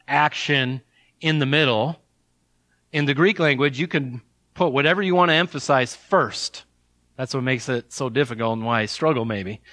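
A male pastor preaching an expository sermon, reading scripture aloud with strong emphasis and sudden drops to a hushed tone. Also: medium pitch, no room sound.

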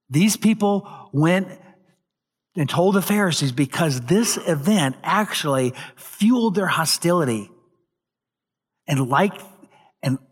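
Male pastor, fairly high pitch, dramatic storytelling sermon delivery. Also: slightly rough. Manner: dramatic storytelling, rising to loud emphasis.

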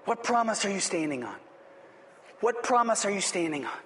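A man's voice: sits high, big pitch swings, normal speed, a bit bright, slight background noise. A man pastor preaching a sermon, emphatic and repetitive, building to rising exhortations. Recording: long reverb of a hall.

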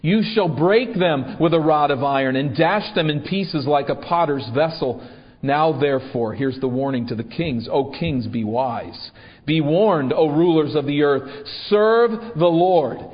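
A man's voice: on the high side, unhurried, big-room sound, muffled recording. A man preaching a sermon, reading scripture and asking the congregation rhetorical questions. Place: church.

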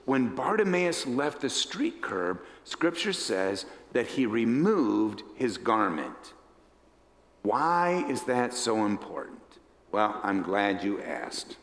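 A pastor preaching a storytelling sermon, dramatic and animated, acting out the characters as he goes. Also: lowish voice, takes it slowly. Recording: echoey hall reverb.

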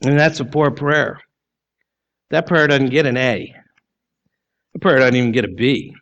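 A man preaching a sermon as pastor, emphatic and full of rhetorical questions, sometimes sinking low and quiet. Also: unhurried, dull audio.

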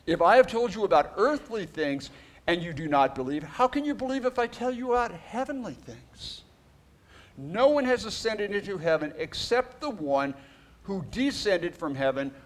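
Animated male pastor preaching. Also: high voice. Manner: emphatic, conversational asides while reading scripture. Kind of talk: sermon with scripture reading.

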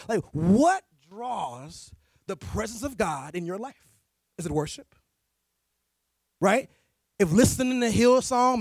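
A man delivering a sermon, slow and gravelly, his pitch leaping as he shifts from shouted declarations to soft, close asides. The sound is dry and close, with no room around it. His talk is slangy and direct. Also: dry recording. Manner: swings between loud shouting and low intimate asides, slangy. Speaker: preacher.

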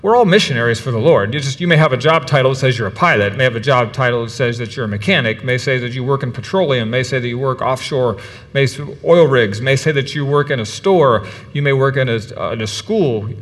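A male pastor preaching a sermon, lively and casual, reading scripture and acting out the characters' words. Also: mid-range voice, brisk. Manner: animated, acts out biblical characters' words. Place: church in the UAE. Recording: church hall with long reverb.

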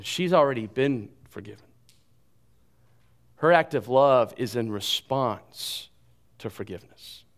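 A male pastor delivering a sermon with a mid-pitched voice. He talks in an animated way and jokes at his own slips. He drops to a hushed tone when he quotes. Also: slow pace, long pauses.

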